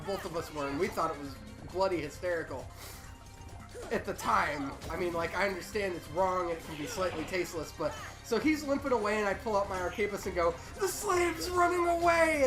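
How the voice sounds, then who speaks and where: A man's voice: on the high side, poor audio. A young man with the hiccups, co-hosting a game playthrough and telling a long rambling story in casual chat. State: has the hiccups. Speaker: let's play co-host.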